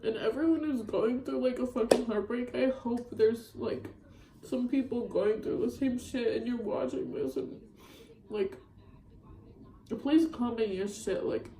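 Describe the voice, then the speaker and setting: A woman's voice: fairly high pitch, unhurried, echoey room, background noise. A young woman vlogging a rambling, upset story about a breakup, full of fillers and swearing. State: upset, near tears. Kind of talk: ranting storytime vlog.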